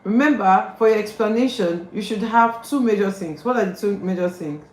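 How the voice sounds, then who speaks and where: A woman teaching an online group class, correcting and prompting students in a direct, brisk way over a video call. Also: medium pitch. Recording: echoey room, faint background noise.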